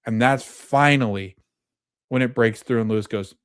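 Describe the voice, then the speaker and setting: A man's voice: mid-range voice, normal speed, clean tone, no room sound, studio quality. A man hosting a podcast, casually recapping a TV episode and retelling its scenes with quoted dialogue and loose fillers. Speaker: podcast host.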